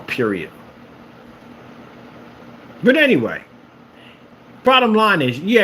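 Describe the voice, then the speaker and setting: Combative man ranting, lively pitch. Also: a little hiss or hum. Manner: combative, mocking, repetitive. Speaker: screen paint maker. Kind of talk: ranting vlog.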